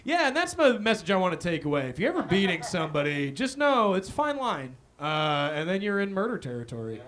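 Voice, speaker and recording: A man hosting a live comedy panel, reading out crime news with loose, profane jokes and quick asides. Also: high-pitched, very animated, fairly bright tone. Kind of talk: casual comedic panel chat. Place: live café venue.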